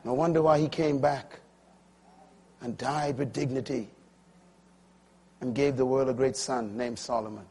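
Husky preacher man in his sixties. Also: mid-range voice, fairly even intonation, measured pace, pauses often. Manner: preaching with big swings from quiet to loud. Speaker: pastor. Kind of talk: sermon.

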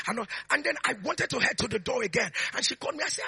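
Man, sermon preacher, shouted declarations, very gravelly, bright tense tone. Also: very high voice, lively intonation, fast talker, few pauses, no echo. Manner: soft storytelling while recounting a memory.

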